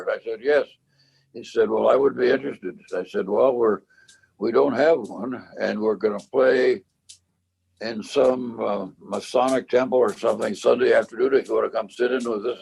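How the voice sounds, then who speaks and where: Gravelly, husky man in his nineties. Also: medium pitch, darkish tone. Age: 90s. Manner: rambling, halting storyteller with many restarts. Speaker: bandleader and cornet player. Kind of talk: casual interview, reminiscing.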